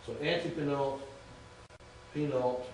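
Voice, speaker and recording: A man's voice: mid-range voice, fairly even intonation, unhurried, darkish tone, slight background noise. Man lecturing in an echoey classroom. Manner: explains step by step, quizzing students. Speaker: Greek teacher. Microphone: far from the mic. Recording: very echoey distant classroom recording.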